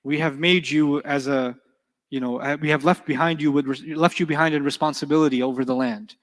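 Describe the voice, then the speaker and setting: A man teaching a grammar class in a lively, animated way, with a voice pitched a little high. He keeps checking in with his students. The hall behind him leaves a long echo. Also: fairly quick. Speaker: Arabic teacher.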